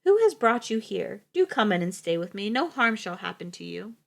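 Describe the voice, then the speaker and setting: A woman's voice: medium pitch, big pitch swings, normal speed, vocal fry. A wicked old witch from a storybook tale, gloating over the children she means to eat, as a woman reads her lines aloud. Her voice sits in a middle register, and she sounds mocking rather than monstrous.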